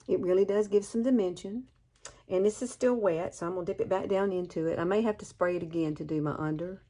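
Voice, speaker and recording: A woman's voice: mid-range voice, fast, dark tone. Chatty Southern woman with Alabama drawl. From Alabama, USA. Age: 50s. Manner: folksy, chatty, calls viewers girl. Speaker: beauty vlogger. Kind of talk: chatty makeup tutorial.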